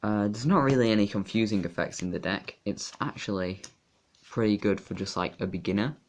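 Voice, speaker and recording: A young man casually talking through a card game deck, rambling and halting with fillers and restarts. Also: on the low side. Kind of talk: casual deck profile talk.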